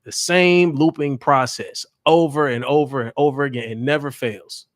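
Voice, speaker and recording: A man's voice: mid-range voice, moderate pace, no echo. A young male dating coach talking straight to his viewers in a loose, casual livestream. He is blunt and profane and breaks into laughter often. His voice sits in a middling range, and the sound is dry, with no room around it. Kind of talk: casual livestream chat to camera.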